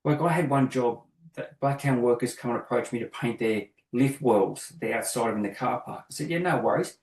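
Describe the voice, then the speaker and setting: A middle-aged Australian man with a medium-pitched voice, speaking a little fast, appears as a guest graffiti artist in casual chat. He tells anecdotes animatedly, acting out both sides of each one, and the room around him is echoey.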